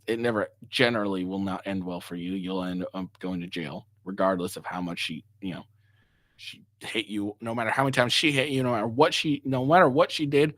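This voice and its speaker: A man's voice: fairly low pitch, fairly bright tone, no room sound, clean studio sound. A man hosting a reaction commentary, ranting angrily with heavy profanity. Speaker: commentary host.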